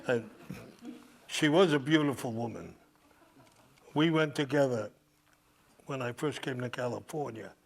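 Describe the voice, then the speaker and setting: In a cinema full of people, an older man telling a meandering anecdote laughs as he talks, his mid-range voice unhurried and marked by vocal fry and frequent pauses. This is storytelling at a live event, with crowd noise in the recording.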